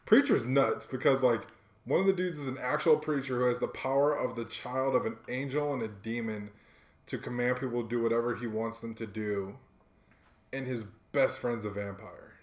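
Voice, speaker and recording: A young man talks easily in a roomy-sounding room, his voice at an ordinary middle pitch. He tells stories in a loose, slang-filled way and turns lively when he acts out what others said. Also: normal speed. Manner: laid-back slang-heavy storyteller, animated when quoting people. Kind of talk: casual chat, storytelling.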